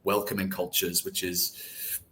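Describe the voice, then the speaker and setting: Low-voiced earnest male podcast guest. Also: flat delivery, unhurried, bright, forceful tone. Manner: earnest, restarts phrases with frequent "sort of". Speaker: guest, deputy editor of a football site. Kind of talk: podcast interview answers.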